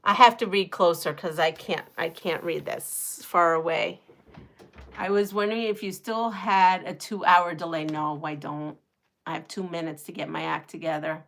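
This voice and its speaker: A middle-aged woman hosts a quilting live stream from a home setup, chatting casually with viewers as she sews and laughing often. Her voice sits fairly low with vocal fry and a fairly bright tone, and her intonation stays fairly even at a moderate pace.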